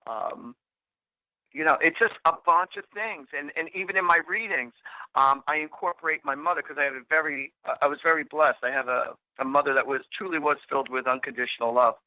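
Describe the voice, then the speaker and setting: A man's voice: fairly high pitch, fairly quick, pushed and bright, no room sound. A middle-aged man hosting a psychic radio show, telling personal stories in a rambling, casual way full of fillers and restarts. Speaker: psychic medium radio host. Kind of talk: casual storytelling on talk radio. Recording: lo-fi radio broadcast.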